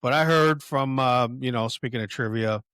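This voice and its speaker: A man's voice: mid-range voice, normal speed, fairly bright tone, smooth, no room sound. An older man hosting a podcast, casually reading film quotes aloud and rambling through them with many fillers and restarts. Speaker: podcast host.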